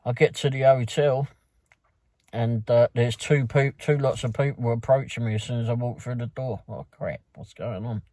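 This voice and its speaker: A man with a London accent talks through his shift as a delivery driver, wandering from one detail to the next with plenty of fillers. His voice is mellow and mid-pitched. The sound is dry and close, with no room around it. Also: fairly even intonation, moderate pace, dry recording. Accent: London English. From London, England. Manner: rambling, loose storytelling with many fillers and restarts. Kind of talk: casual recap of a work night.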